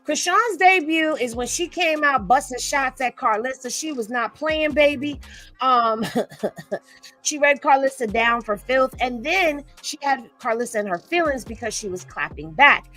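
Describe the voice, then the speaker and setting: A chatty woman running a gossip commentary, sassy and quick to laugh. Her voice sits a little high and comes across bright and forceful, with faint music playing behind her. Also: lively intonation. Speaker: commentary host.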